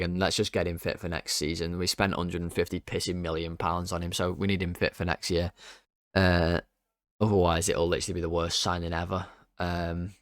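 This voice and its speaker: A lower-voiced young man rants through player ratings, exasperated and swearing. His voice is smooth and resonant, recorded close and dry with no room sound. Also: no room sound. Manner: exasperated, swearing, rambling with restarts. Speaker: football fan channel host. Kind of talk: frustrated player-ratings rant.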